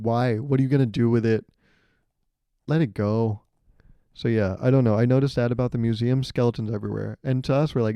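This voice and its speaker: Young man, podcast host, mellow tone, dry close mic, animated and profane. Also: moderate pace, pauses often, clean tone, no room sound. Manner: animated, profane, riffing with jumps to high pitch. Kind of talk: solo comedic podcast monologue.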